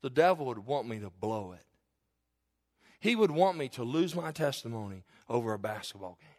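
Animated middle-aged male preacher. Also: mid-range voice, moderate pace. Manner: animated, conversational preaching with rhetorical questions; confessional, candid storytelling. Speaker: pastor. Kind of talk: sermon.

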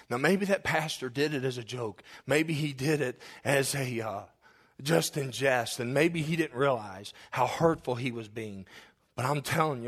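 A man preaching a sermon as pastor, praying aloud with passion and swinging between loud cries and hushed whispers. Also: medium pitch, normal speed, husky. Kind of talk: sermon with spoken prayer.

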